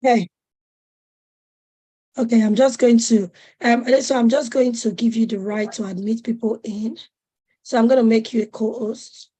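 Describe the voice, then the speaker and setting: A woman's voice: on the high side, fairly even intonation, moderate pace, pauses often, dark tone. A woman in her forties presenting an online webinar over a video call, chatty and a little flustered and apologetic.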